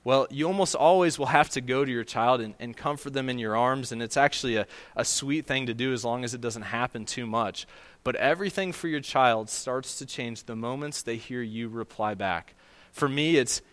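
Pastor, male, middle-aged, expressive sermon delivery, drops to a hush on key lines. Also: medium pitch. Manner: expressive preaching, quick asides, quiet emphatic endings.

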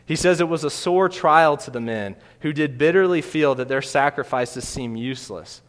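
A man's voice: a little high, normal speed. A man preaching a sermon, earnest and emphatic, often repeating phrases for weight. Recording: long reverb of a large hall.

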